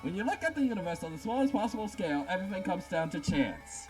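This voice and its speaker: A man's voice: high-pitched, very animated, fast talker, darkish tone, faint music behind, voice pushed up, rough recording. A man voicing an arrogant, brainy young female scientist who lectures and talks down to others, reading a game script aloud. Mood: condescending. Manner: condescending, lecturing.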